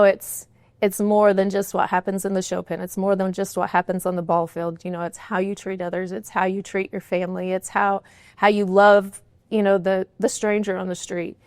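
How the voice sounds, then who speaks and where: A woman's voice: medium pitch, level tone, unhurried, darkish tone, no echo. A middle-aged woman answering interview questions in an earnest, candid way, often saying "you know", in a studio. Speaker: guest, horse trainer's wife and business partner.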